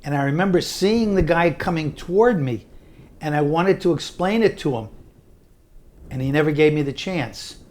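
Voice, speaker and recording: A man's voice: a little high, lively intonation, moderate pace, darkish tone. An older man narrating his own memoir in an earnest, conversational way, often restarting his words. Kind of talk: personal storytelling narration.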